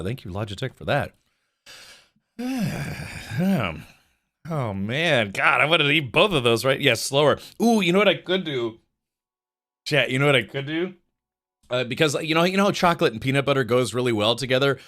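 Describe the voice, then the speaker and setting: Animated, lively-voiced streamer man. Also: mid-range voice, moderate pace. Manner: animated, laughing, savoring food aloud with mouth-full murmurs. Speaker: live streamer. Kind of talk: casual live-stream chat.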